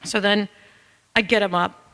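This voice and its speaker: Animated woman speaker in a reverberant hall. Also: mid-range voice, a little slow. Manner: animated and candid, breaks into song snippets. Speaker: author and caregiver speaking to an audience. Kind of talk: conference talk, personal storytelling. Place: large hall with an audience.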